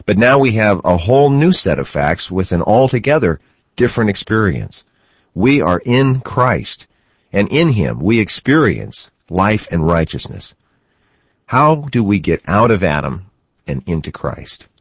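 A male host with a very low, husky voice who reads his lines in a calm, measured way. The sound is close and dry, with a dull lo-fi edge. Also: no echo. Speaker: radio program host. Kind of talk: scripted radio hosting.

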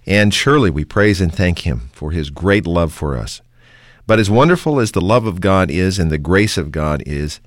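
A man's voice: low voice, no echo, studio quality. A man hosting a radio program in a polished, announcer-like manner, leading the talk with questions. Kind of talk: hosting a discussion of a sermon.

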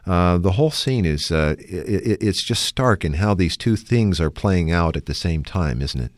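A man's voice: deep voice, expressive, normal speed, no room sound, clean studio sound. A man hosting a radio Bible discussion, talking in an earnest, reflective way. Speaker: radio program host.

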